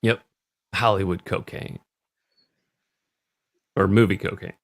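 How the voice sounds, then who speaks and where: A man co-hosting a casual movie review chat, calmly walking through scenes with short agreements. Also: low-pitched, slow. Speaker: podcast co-host.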